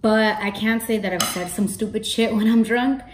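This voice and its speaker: A woman's voice: fairly even intonation, moderate pace, a little hiss or hum. Chatty young woman vlogging in an echoey room. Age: early 20s. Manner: chatty, swears freely, acts out her own past lines with rising pitch. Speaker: beauty vlogger. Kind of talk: casual storytelling to camera. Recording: roomy echo.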